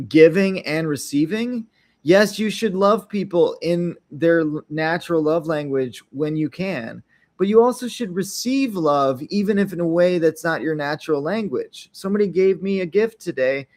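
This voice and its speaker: A man's voice: a little high, darkish tone. Rambling man hosting an unscripted podcast. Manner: rambling, frequent tag questions, acts out little quotes. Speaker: podcast host.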